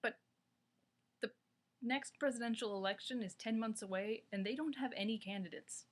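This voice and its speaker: A woman's voice: a little high, moderate pace. Young female vlogger, casual and wry, talkative, filler-heavy delivery to camera. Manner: chatty and wry, lots of "like".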